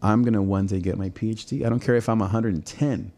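A middle-aged pastor from Southern California reflects earnestly on his drive and faith. His voice is low and gravelly, with a fry in it. He repeats words as he builds intensity. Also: fairly even intonation, fast talker, dark tone. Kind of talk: personal reflection talk.

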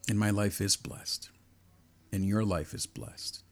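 A man's voice: fairly low pitch, expressive, takes it slowly. A middle-aged man preaching a personal sermon, earnest and repetitive, stacking phrases into building lists.

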